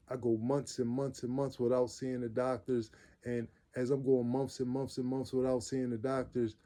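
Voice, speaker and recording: A man tells his own story in loose, everyday speech. His voice is mellow and dark, set at an ordinary middle pitch. He talks earnestly and leans on repeated phrases for weight. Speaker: vlogger telling his own life story. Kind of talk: casual personal storytelling.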